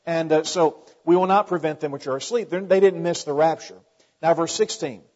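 A man's voice: a little high, brisk, darkish tone. Preaching man in a reverberant church. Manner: preaching with swells of volume, dry asides. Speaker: pastor. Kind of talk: sermon. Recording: dull sound with long hall reverb.

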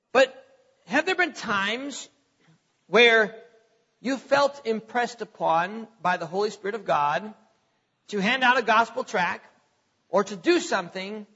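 Middle-aged male preacher, bright and tense tone, conversational sermon with chuckles, echoing church hall. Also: sits high, breathy edge. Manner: conversational, repeats words, chuckles between points. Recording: lo-fi recording in a reverberant hall.

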